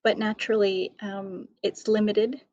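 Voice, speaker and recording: A woman author and educator who answers interview questions slowly and steadily. She often fills her pauses with ums. The sound is close and dry, with no room echo. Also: medium pitch, level tone, a little mellow, muffled recording. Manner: measured, many ums.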